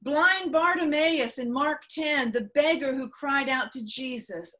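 A woman preaching a sermon, earnest and repetitive, slowing down to stress key lines. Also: sits high, sharp tone. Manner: earnest, repeats phrases, slows for emphasis. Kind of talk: sermon teaching.

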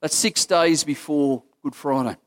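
A man's voice: fairly high pitch, a little slow. A man with an Australian accent preaching a casual, story-driven sermon that acts out what people in the story say.

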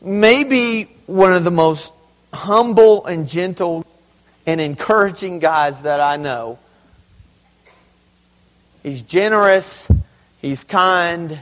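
A man's voice: high voice, takes it slowly, long pauses, a bit bright, long reverb tail, rough recording. A man preaching a sermon as pastor, emphatic and conversational, with humorous asides to his congregation. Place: church sanctuary.

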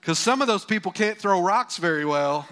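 A man's voice: high voice, lively intonation, moderate pace, fairly bright tone, voice pushed up. A preacher voicing worried male disciples in a comic, exaggerated way during a sermon. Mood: anxious, joking.

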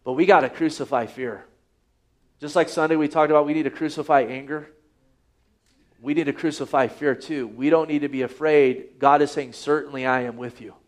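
A man delivering a sermon from the pulpit, with a voice pitched a little above most men's. He drives his points home by repeating rhetorical questions and stressing key words. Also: fairly even intonation, normal speed. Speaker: pastor.

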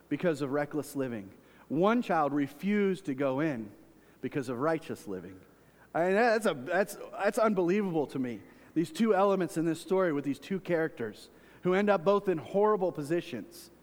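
A man preaching a sermon, swinging between loud, high emphasis and quiet, low asides. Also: big-room sound. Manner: preaching with big swings in volume and pitch. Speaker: pastor.

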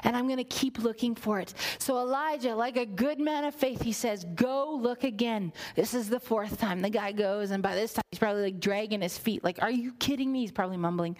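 A woman's voice: fairly high pitch, a little fast, hardly any pauses, a little mellow. A woman preaching a sermon, telling a story, acting out the characters' lines and dropping to a whisper for emphasis. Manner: storytelling, acts out voices, drops to a whisper for emphasis.

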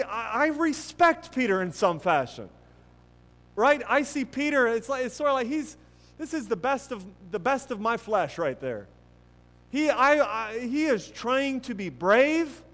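High-voiced man preaching in a hall. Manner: earnest, emphatic preaching with many restarts, swinging from loud to hushed. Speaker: pastor. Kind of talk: sermon.

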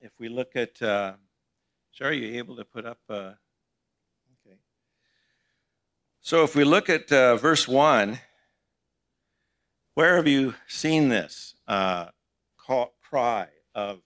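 A man's voice: mid-range voice, lively intonation, takes it slowly, pauses often, a bit bright, no echo. A middle-aged male pastor giving a conversational sermon in church, asking his congregation questions as he teaches.

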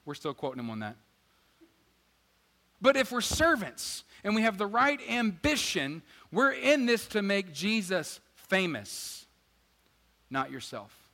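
A man preaching a sermon as pastor, energetic and joking, swinging between loud emphasis and quiet asides. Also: high-pitched, takes it slowly. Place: church sanctuary. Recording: church hall reverb with faint guitar.

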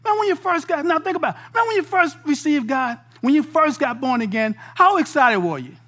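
A man preaching a sermon in a casual, slangy way, moving between loud bursts and hushed lines. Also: extremely high pitch, lively intonation, fast talker.

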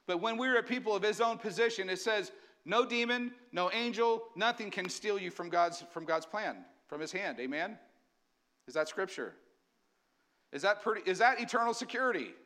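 A male pastor preaches at normal speed in a high, bright voice, full of energy. He keeps asking the congregation questions, and his tone stays lively and forceful the whole way through.

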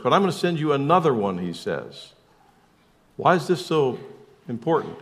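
A pastor preaches emphatically in a medium-pitched voice, posing rhetorical questions and switching suddenly between loud and soft.

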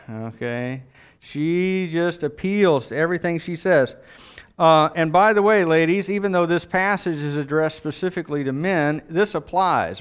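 A man's voice: fairly high pitch, smooth. A middle-aged man preaching a sermon, reading scripture and then explaining it in a conversational way with asides. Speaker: pastor.

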